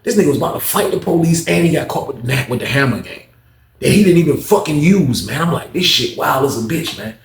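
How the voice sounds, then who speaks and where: A man telling a prison story in casual, animated fashion, acting out everyone's voices with heavy slang. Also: fairly high pitch, fast talker, vocal fry, echoey room, a little hiss or hum.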